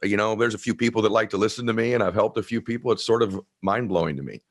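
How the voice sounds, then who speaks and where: Deep-voiced man in his fifties, earnest. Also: fast talker. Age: 50s. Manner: earnest, intense, heartfelt. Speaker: guest author. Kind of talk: emotional storytelling in conversation.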